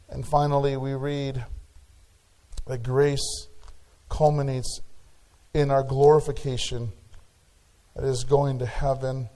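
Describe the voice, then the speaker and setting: A male pastor preaches a sermon, climbing to emphatic peaks and then falling to quiet, drawn-out words. His pitch is fairly high.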